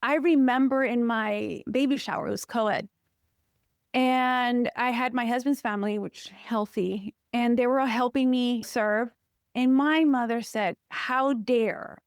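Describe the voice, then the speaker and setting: A woman counselor, a guest on an interview podcast, telling personal stories in an expressive, emphatic way. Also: a little high, unhurried, clean tone, dry recording, clean studio sound. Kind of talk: personal conversational interview talk.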